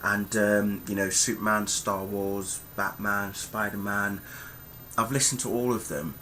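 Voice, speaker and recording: A man's voice: on the low side, steady tone, a little slow, pushed and bright, slight background noise. A British man vlogging casually to camera in a put-on American accent that keeps slipping, rambling with lots of fillers and restarts.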